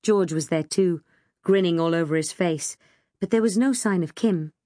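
A woman reading a first-person story aloud in an expressive, wry way. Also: fairly low pitch, normal speed, no room sound, studio quality. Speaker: audiobook narrator. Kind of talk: first-person audiobook narration.

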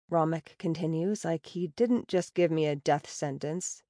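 A woman narrating a story in the first person, with a wry, sarcastic and expressive delivery. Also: fairly low pitch, measured pace, few pauses, dry recording, studio quality. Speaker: audiobook narrator.

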